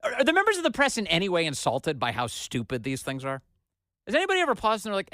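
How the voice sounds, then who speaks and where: A man's voice: mid-range voice, huge pitch swings, very fast, pushed and bright, no room sound, studio quality. Emphatic sarcastic male radio host. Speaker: radio talk show host. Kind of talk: opinionated talk radio monologue.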